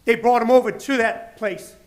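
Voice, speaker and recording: Angry high-voiced man. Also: fairly even intonation, normal speed. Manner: angry, indignant, rising to loud outbursts. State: shaking with anger. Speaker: business owner speaking at public comment. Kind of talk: public comment at a city council meeting. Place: council chamber.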